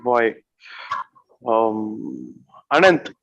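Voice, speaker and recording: A man's voice: medium pitch, animated, very slow, no room sound, highs cut off. A man on a video call, talking in a confident, joking way. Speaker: meeting participant. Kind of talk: casual chat.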